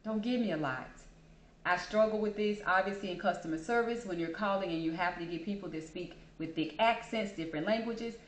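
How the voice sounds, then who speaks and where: In an echoey room, a podcast host delivers a casual, chatty personal monologue about herself, calling listeners "baby." Her mid-range voice moves briskly.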